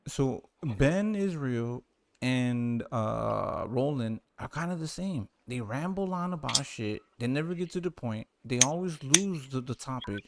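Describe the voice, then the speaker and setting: A man's voice: medium pitch, expressive, unhurried, gravelly, a little hiss or hum. A man hosting his stream, talking in a laid-back way and swearing casually in rowdy chat. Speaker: streamer host.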